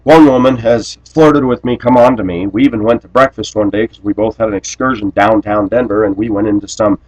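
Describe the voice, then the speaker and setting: A man delivering a rambling personal monologue to camera, blunt and aggrieved, often clearing his throat. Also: lowish voice, fairly even intonation, brisk, darkish tone, poor audio. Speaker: vlogger.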